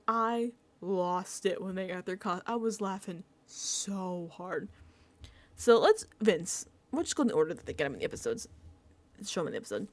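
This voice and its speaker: A young woman chatting casually about a reality show, animated, swearing freely and mimicking people in whiny pleading voices. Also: medium pitch. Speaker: reality TV recap vlogger. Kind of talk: casual reaction chat.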